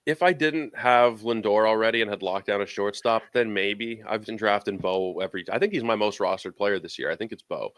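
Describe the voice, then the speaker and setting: A man's voice: lowish voice, brisk, few pauses, a bit bright, no room sound. A man in casual podcast chat as a fantasy baseball analyst, rambling and restarting his sentences.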